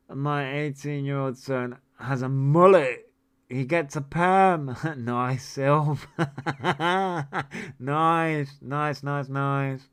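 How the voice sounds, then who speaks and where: A man's voice: mid-range voice, extremely slow, fairly bright tone, smooth. A man in his forties hosting a casual livestream, reading viewer comments and ranting in a sweary, incredulous, rambling way. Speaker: livestream host.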